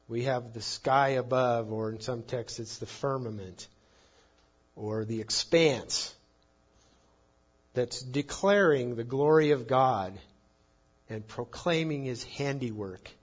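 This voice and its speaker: A man preaching a sermon on the psalms, speaking emphatically and swinging between loud and soft. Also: medium pitch, slow pace, pauses often, breathy edge, highs cut off. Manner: emphatic, rising and falling in volume.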